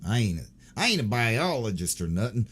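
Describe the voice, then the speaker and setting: A man in his forties rants through news clips with crude, sarcastic asides and plenty of swearing. His pitch swings widely as he talks, and a faint hiss of noise sits behind him. He rambles and jokes loosely, like an unscripted commentator. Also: sing-song, brisk, a bit bright. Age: 40s. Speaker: host.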